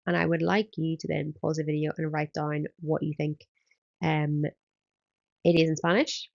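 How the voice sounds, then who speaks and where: A woman's voice: low-pitched, flat delivery, normal speed, vocal fry, a little mellow, highs cut off. A woman, a Spanish teacher, explaining exam answers step by step in a recorded lesson and often starting with um.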